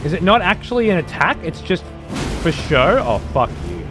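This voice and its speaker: Very animated and a little high-pitched, a streamer talks at normal speed over music. He comments on his gameplay and lets loose at his chat with plenty of swearing.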